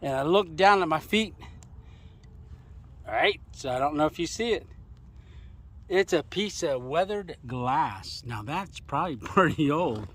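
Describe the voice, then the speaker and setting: A man's voice: a little high, lively intonation, unhurried, long pauses, fairly bright tone, a little hiss or hum. A man talking to his camera while hiking outdoors in desert hills, chatty and laughing often. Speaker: travel vlogger. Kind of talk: casual vlog commentary while hiking.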